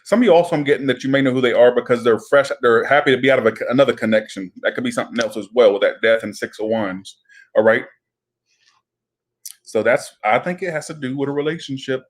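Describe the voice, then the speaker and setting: A man's voice: medium pitch, fast talker. A man giving a casual tarot reading, chatty and rambling, with frequent swearing and asides. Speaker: tarot reader.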